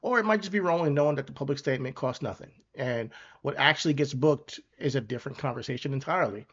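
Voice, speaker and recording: A man hosting a podcast in casual chat, laid-back and measured, often hedging his takes. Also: medium pitch, a bit bright, highs cut off. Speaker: podcast host.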